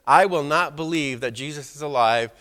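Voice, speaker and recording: A man preaching a sermon in a church, conversational and animated, with frequent rhetorical asides. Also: on the high side, normal speed. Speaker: pastor.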